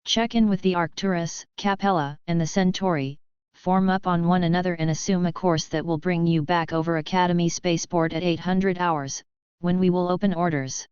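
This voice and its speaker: Lady doing a calm space captain, commanding, dry close sound. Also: lowish voice, normal speed, clean tone, no echo, dull audio, lightly acted. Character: calm middle-aged male space captain.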